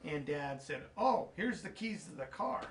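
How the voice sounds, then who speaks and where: A man's voice: fairly high pitch, animated, measured pace, a little hiss or hum. Eager man retelling his dad's story. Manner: eager, laughing, prompting his dad. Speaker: channel host. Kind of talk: casual storytelling and viewer Q&A.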